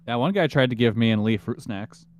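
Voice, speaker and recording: A man chatting casually on a podcast in a relaxed way. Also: medium pitch, fairly quick. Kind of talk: casual chat.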